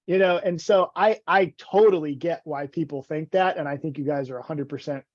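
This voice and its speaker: A man's voice: fairly high pitch, a little fast, dry recording. A man in his forties, a guest in a casual podcast conversation, talks in a rambling, self-deprecating way with many stammered restarts. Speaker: guest, vitality coach. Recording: dull, dry, lo-fi audio.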